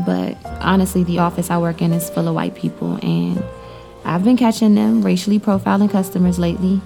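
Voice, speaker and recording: A woman's voice: lowish voice, gravelly, mellow. An actress playing an outspoken young woman interior designer, blunt and profane. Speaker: Denise.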